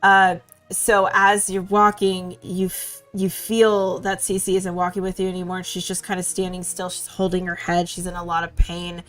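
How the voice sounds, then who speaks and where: A woman playing a tabletop role-playing game, narrating her character's dramatic scene with expressive build-up. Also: lowish voice, moderate pace, faint music behind. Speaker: player.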